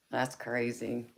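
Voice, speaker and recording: A woman with a Southern US twang, softly chatting with her livestream viewers and calling them honey and baby. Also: extremely low pitch, a little hiss or hum. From California. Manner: soft-spoken, affectionate, calls viewers honey and baby. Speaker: livestream host and tarot reader. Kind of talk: casual live chat with viewers.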